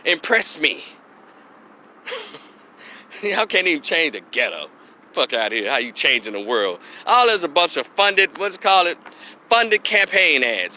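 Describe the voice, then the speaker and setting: A man's voice: a little high, very animated, unhurried, long pauses, pushed and bright, a little hiss or hum. A man delivering a blunt, profane, mocking rant outdoors as an opinion vlogger. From Memphis, Tennessee. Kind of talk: unscripted rant.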